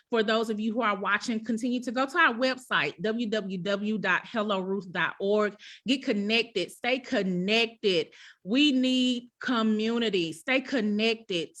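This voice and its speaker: Bright-voiced effusive woman host. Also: medium pitch. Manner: effusive, preacherly, says y'all. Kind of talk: live-stream talk and closing prayer.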